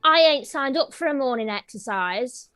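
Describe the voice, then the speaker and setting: A woman playing a blunt, tough young adventurer with gruff, slangy talk. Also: high-pitched, expressive, normal speed, a bit bright, soft background music.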